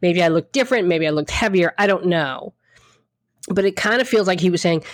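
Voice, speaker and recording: A woman's voice: lowish voice, animated, a little fast, no echo. Woman on a podcast, blunt and a bit sweary, circles back and restarts a lot, very dry sound. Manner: emphatic, frank, mildly profane, rambling with restarts. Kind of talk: casual chat.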